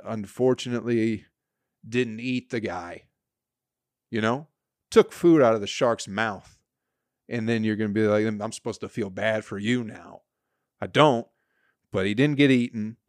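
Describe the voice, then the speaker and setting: A man's voice: medium pitch, no room sound, studio quality. A man around forty, hosting a solo comedy podcast and rambling crudely with profane, sarcastic asides. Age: 40s.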